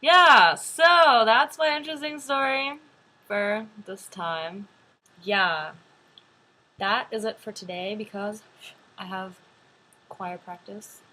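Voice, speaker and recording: A young woman vlogger tells a story to the camera in a chatty, animated way, packing her speech with "like." Her voice sits in the mid range, and she talks slowly with frequent pauses.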